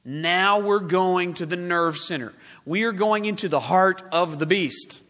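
A man's voice: high voice, unhurried, sharp tone. A man playing Jesus as an adult man, rallying his disciples in emphatic, casual modern slang. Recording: long hall reverb.

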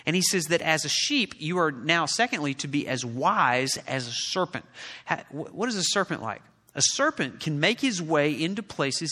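A man's voice: fairly high pitch, pushed and bright. A man preaching a sermon as pastor, building his delivery to emphatic peaks. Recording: long reverb of a large hall.

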